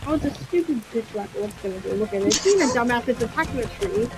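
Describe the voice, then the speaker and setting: Playful high-voiced young woman gamer. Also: animated, fast. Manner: playful, swears and laughs often. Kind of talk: casual gaming chat.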